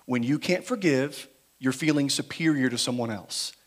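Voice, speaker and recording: A man preaching a sermon in a church, moving between quiet, slow emphasis and louder, driven passages. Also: medium pitch. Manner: dynamic preaching, shifting between quiet emphasis and raised intensity. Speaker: pastor. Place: church sanctuary.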